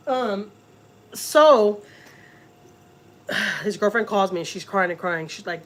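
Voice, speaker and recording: A woman's voice: mid-range voice, normal speed, fairly bright tone. A middle-aged woman from Texas, telling a story in a casual, emotional way to her vlog viewers and repeating words as she goes. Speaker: family vlogger.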